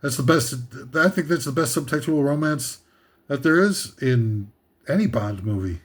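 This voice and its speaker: A man's voice: mid-range voice, animated, moderate pace. Sarcastic rambling man ranting. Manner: sarcastic, meandering, with frequent fillers and laughs. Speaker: host. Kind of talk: comedic ranting list commentary.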